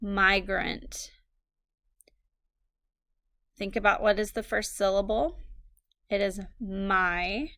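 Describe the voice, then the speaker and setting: A woman teacher reads spelling words aloud at an unhurried pace, breaking each word into syllables and spelling it letter by letter. Her voice has a gravelly edge, and the recording is dry and close, with no room sound. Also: mid-range voice, steady tone, a bit bright, dry recording. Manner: slow, deliberate dictation, spelling letter by letter. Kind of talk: recorded phonics lesson, dictating words.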